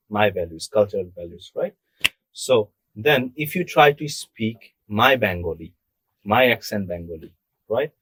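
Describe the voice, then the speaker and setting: A young Bangladeshi man co-hosts a podcast in a casual discussion, his voice on the low side and slightly rough with no echo. He drives his points home emphatically, posing rhetorical questions and then answering them himself.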